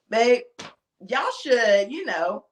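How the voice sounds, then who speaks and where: A woman's voice: a little high, a little hiss or hum. A woman cosplayer guesting on a podcast, chatting casually and acting out the people she quotes. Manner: lively, acts out quoted dialogue. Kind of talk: casual chat.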